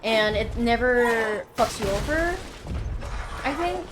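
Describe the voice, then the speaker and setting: A young woman streaming a game live, reacting loudly and swearing often as she plays. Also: a little high, lively intonation, takes it slowly, heavy background noise. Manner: reactive, swearing, frequent outbursts. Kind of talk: live gameplay commentary.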